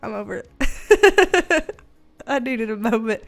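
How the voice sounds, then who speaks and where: High-voiced, laughing livestream host woman. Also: slow pace, long pauses, soft background music. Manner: laughs often, animated and playful. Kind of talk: casual livestream chat reading comments.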